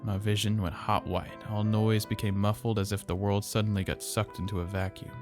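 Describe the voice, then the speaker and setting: Man, horror narrator, low voice, slow and somber, faint music under. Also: flat delivery. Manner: slow, measured, somber telling. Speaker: storyteller.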